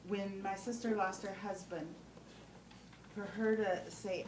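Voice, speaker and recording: A woman's voice: medium pitch, steady tone, takes it slowly, pauses often. A woman teaching a class on compassionate listening, often checking in with "okay?" and putting questions to the group. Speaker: trainer. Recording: roomy sound from a distant mic with faint background noise.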